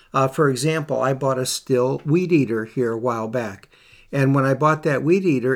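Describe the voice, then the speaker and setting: Man, Bible teacher, podcast lesson, reads scripture aloud, conversational, repeats key phrases. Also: medium pitch. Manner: plain conversational teaching with occasional fillers.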